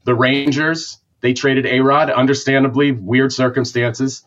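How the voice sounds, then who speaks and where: A man's voice: medium pitch, flat delivery, measured pace, muffled recording. Opinionated man with a Boston accent. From Massachusetts. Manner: opinionated, rambling rant. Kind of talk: casual sports talk.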